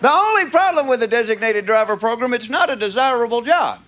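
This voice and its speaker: A man's voice: extremely high pitch, lively intonation, fast talker. A man with a Southern US accent doing folksy stand-up comedy with a drawling, punchy delivery. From American South. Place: live theater stage. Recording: live show with audience noise.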